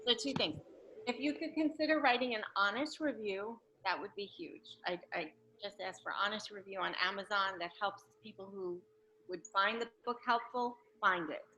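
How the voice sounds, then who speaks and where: A woman from New York speaks as a guest author in a relaxed chat. Her voice is bright and forward at an ordinary pitch. She jokes easily and restarts her phrases, with a faint hum underneath. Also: dull audio. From New York, USA. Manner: chatty and joking, with quick self-corrections. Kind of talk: casual talk at the end of an online Q&A.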